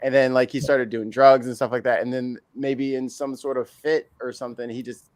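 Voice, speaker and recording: A man in casual group chat on a podcast, excitable and talking over others with many restarts. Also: medium pitch, brisk. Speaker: podcast co-host.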